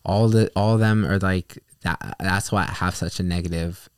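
A man's voice: low voice, steady tone, moderate pace, clean tone, no echo, clean studio sound. A young man co-hosting a casual chat, telling a personal story candidly with many fillers and restarts.

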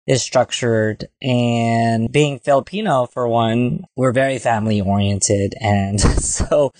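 A man's voice: medium pitch, fairly even intonation, slow pace, darkish tone, no echo. A young man co-hosting a podcast, chatting casually and rambling with lots of fillers. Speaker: podcast co-host. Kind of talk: casual chat.

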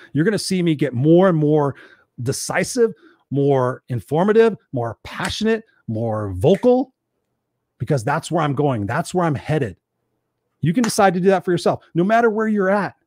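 A man's voice: fairly high pitch, animated, normal speed, darkish tone. A man giving a blunt, profane motivational monologue, hammering his points home with rhetorical questions. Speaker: motivational speaker.

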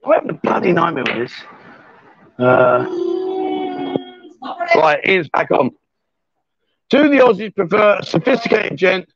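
High-voiced guy hosting a livestream from a bar, teasing, reading chat out, voice jumps all over, kinda muffled audio. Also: big pitch swings, unhurried, vocal fry, long pauses, fairly bright tone, dry recording. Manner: joking, teasing, reads viewer comments aloud. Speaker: livestream host. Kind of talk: live stream chat while playing pool. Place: lively bar.

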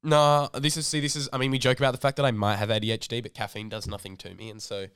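A young man co-hosting a podcast in casual chat, talking quickly in rambling, self-interrupting bursts. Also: mid-range voice, flat delivery, a bit bright, clean tone, dry recording, studio quality. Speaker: podcast co-host.

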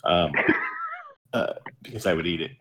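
A man's voice: low-pitched, wildly swooping pitch, measured pace, a bit bright, slight background noise. A man in his thirties in a casual chat, rambling and self-mocking.

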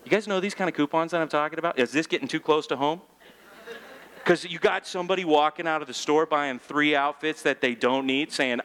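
A male pastor giving a sermon in church, joking and animated, asking the room rhetorical questions. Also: on the high side, a little fast, clean tone.

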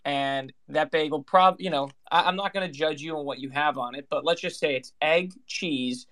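A man's voice: a little high, normal speed, a bit bright. A man from South Jersey chatting casually in an easygoing way. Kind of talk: casual chat.

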